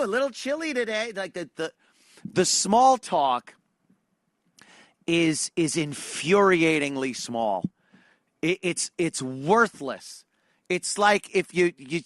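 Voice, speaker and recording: A man's voice: a little high, fairly bright tone, no echo. A man, hosting a show and telling a comedic, profane, sarcastic rant about how annoyed he is by everyone around him. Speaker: show host.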